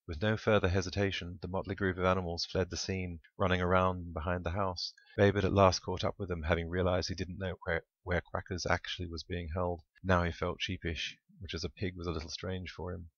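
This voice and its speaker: A man, the author, reading his own comic story aloud in a wry, deadpan narration. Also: deep voice, brisk, few pauses, no echo, dull audio. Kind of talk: audiobook narration.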